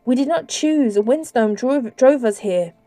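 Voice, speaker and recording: A woman voicing a desperate young nurse in an audiobook, pleading urgently in a raised, higher voice. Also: measured pace, dark tone, no echo, soft background music, close to an everyday voice. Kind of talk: audiobook character voice.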